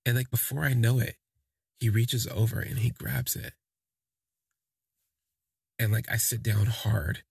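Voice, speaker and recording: A man's voice: mid-range voice, steady tone, unhurried, gravelly, pauses often, darkish tone, husky, dry recording, clean studio sound. A man telling a first-person story in a casual, rambling way, full of "like" and "you know". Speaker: podcast storyteller.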